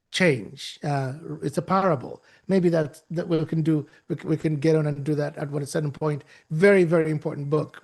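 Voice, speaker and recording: A man's voice: on the high side, dark tone. A man giving an emphatic, preacherly motivational talk to young people, often restarting and repeating words. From Uganda. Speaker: guest speaker and author.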